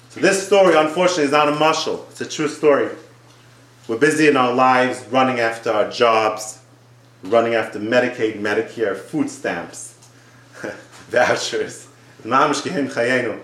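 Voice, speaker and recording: A man preaches a sermon, telling a parable in an earnest, repetitive way and often restarting his sentences. His pitch sits in a plain middle range. The room gives a noticeable echo. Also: moderate pace, a bit bright. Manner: earnest storytelling with many restarts. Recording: roomy echo.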